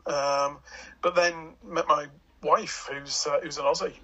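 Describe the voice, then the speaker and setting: A man's voice: a little high, fairly even intonation, a little slow, pushed and bright, muffled recording. A man in his forties from Hull with an English Hull accent, a podcast guest chatting casually and rambling with lots of fillers and restarts. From England (Hull). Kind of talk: casual chat.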